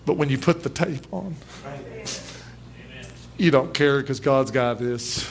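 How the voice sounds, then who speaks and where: A male preacher delivers a sermon to a church congregation. He talks in a folksy, plain-spoken way and leans hard on his emphasis. His voice sits at an ordinary middle pitch for a man. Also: slow, creaky. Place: church service.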